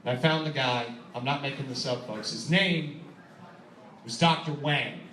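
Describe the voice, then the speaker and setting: A man performing a stand-up comedy set, telling a story with animated delivery, acting out voices and laughing at his own jokes. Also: mid-range voice, normal speed, distant mic, noisy background. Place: comedy club stage. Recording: echoey club recording, audience laughter. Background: audience laughing.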